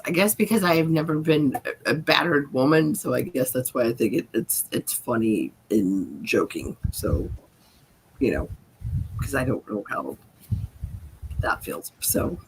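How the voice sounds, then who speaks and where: A woman's voice: sits low, big pitch swings, measured pace, a little hiss or hum, rough recording. A woman hosting a casual livestream chat from home, rambling, swearing and laughing a lot. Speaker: livestream host. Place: at home, seated.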